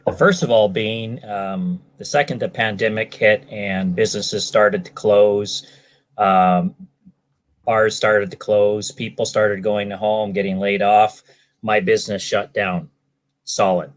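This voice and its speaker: Low-voiced Canadian salesman, rambling. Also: steady tone, measured pace. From British Columbia, Canada. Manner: rambling, many ums and restarts. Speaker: guest, salesman. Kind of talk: casual interview answers.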